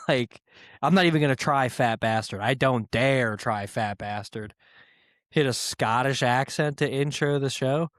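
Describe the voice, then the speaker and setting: A man hosting his own podcast, rambling casually with profanity and self-mocking asides, speaking in quick bursts. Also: medium pitch, fairly bright tone, no echo, clean studio sound. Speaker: podcast host.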